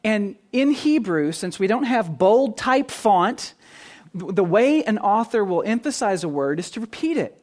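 Man, pastor, sermon, earnest, animated, lively swinging pitch. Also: measured pace. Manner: earnest, animated preaching that swings from soft to emphatic.

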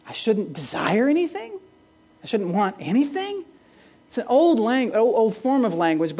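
Woman pastor, sermon, earnest, rhetorical questions, rises on key phrases, mid-pitched voice. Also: darkish tone. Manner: asks the congregation rhetorical questions.

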